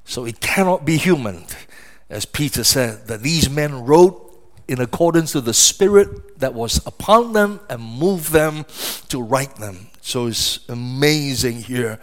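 Slow, emphatic male preacher. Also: animated. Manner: emphatic preaching with sudden rises in pitch and volume; repeats phrases for emphasis. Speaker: pastor. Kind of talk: sermon.

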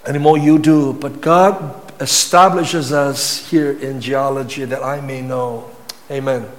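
A man's voice: steady tone, unhurried. Emphatic preacher man in a reverberant hall. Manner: emphatic preaching, rising to high-pitched intensity, with repetition. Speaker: pastor. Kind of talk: sermon.

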